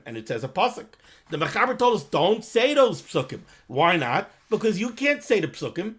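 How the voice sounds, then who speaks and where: A man giving a daily Torah class, explaining texts in a conversational, animated way and reading Hebrew phrases aloud. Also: sits high. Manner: animated, quotes texts in Hebrew and Yiddish-flavored pronunciation. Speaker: Torah teacher.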